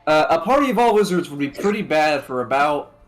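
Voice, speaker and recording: Male player, slightly high voice, anecdotal banter. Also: animated, fairly quick, soft background music. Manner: storytelling, swearing, acting out quotes. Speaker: tabletop game player. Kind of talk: casual chat.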